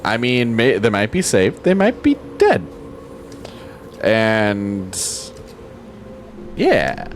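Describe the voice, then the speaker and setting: Guy at a tabletop game, super lively voice, bit of hum behind. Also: lowish voice, extremely slow, long pauses. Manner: animated, playful, greedy character banter. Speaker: player. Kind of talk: casual tabletop role-play.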